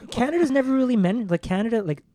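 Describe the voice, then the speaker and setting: A man co-hosting a movie podcast, talking in a chatty, excited way with lots of 'like' and some swearing. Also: very high-pitched, fast, a crowd in the background. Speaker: podcast co-host. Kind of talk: casual movie podcast chat.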